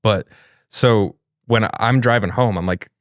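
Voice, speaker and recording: A man's voice: lowish voice, unhurried, no room sound, clean studio sound. A man from New York co-hosting a podcast, talking in a casual, blunt, ranting way and swearing freely. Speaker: podcast co-host. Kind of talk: casual chat.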